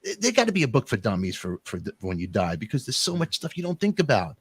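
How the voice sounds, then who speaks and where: A man hosting a talk show, telling an emotional story in a rambling, animated way with sudden jumps in pitch. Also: quick pace, slightly rough, no room sound. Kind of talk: emotional casual monologue.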